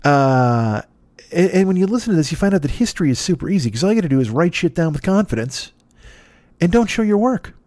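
A man's voice: on the high side, very animated, fast talker, a little mellow, dry recording. Profane, rambling podcast host man. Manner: profane, self-deprecating rambling. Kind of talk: rambling comedic monologue.

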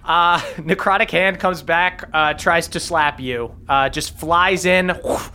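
Bright-voiced man running a tabletop game. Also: on the high side, slow, smooth. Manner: laughs often, relaxed descriptions. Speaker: game master.

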